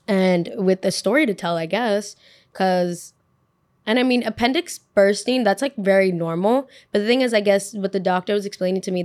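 Animated young woman telling a story. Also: medium pitch. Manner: animated, expressive, with frequent swearing. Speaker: podcast host. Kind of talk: casual storytelling.

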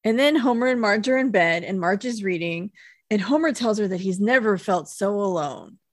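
A woman's voice: mid-range voice, animated, normal speed, no echo, clean studio sound. A woman co-hosting a podcast, chatting casually and giggly about an episode. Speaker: podcast co-host. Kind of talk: casual chat.

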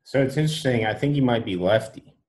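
A man chats casually as a podcast guest and talks about life as a new father. He tells laid-back stories and acts out his own thoughts. His voice sits at an ordinary middle pitch. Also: expressive, quick pace, a little mellow, low-quality recording. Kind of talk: casual chat.

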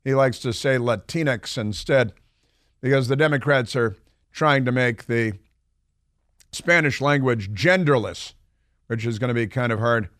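Male talk radio host, mid-pitched, sarcastic and mocking monologue, dry close studio sound. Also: measured pace, a bit bright, no room sound.

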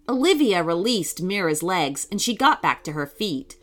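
A woman reading a children's story aloud in a slow, expressive way. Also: on the low side, soft background music.

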